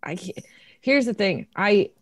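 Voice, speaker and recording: A woman's voice: medium pitch, animated, unhurried, no echo, clean studio sound. A woman player in a tabletop horror game, narrating her character's actions with emotion and frequent laughter.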